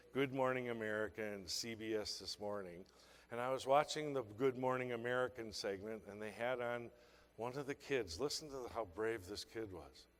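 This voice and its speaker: An older man giving an emotional, emphatic motivational speech to a conference audience. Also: mid-range voice. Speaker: keynote speaker. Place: large conference hall. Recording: reverberant hall sound.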